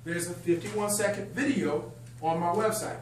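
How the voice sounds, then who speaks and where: An energetic man leads a sales training session, his voice sitting higher than most men's. He talks excitedly and banters with the crowd. The mic is some way off in a very echoey function room with a faint hum behind him. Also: moderate pace, far from the mic. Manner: energetic, excitable, chatty, jokes with the audience. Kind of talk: lively sales training talk to a live group. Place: function room at a country club event.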